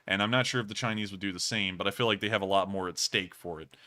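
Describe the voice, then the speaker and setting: Speaking fast in a lowish, bright, forceful voice, an American man hosts a live stream. He rambles chattily through viewer questions and corrects himself often.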